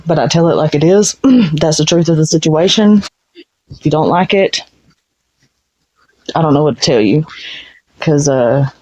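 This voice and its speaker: A woman's voice: low-pitched, warm tone. A woman giving a casual tarot reading, blunt and frank, swearing freely. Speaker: tarot reader. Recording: dull lo-fi sound.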